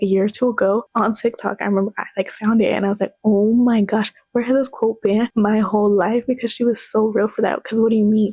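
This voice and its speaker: A woman's voice: mid-range voice, mellow, slightly rough, no echo, poor audio. A young woman in her twenties chatting casually as she reacts to clips, gushing and full of slang. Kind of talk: casual chat.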